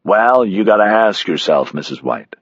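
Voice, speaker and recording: A man's voice: fairly low pitch, lively intonation, moderate pace, husky, dry recording, highs cut off. A man voicing a blunt, sardonic American man.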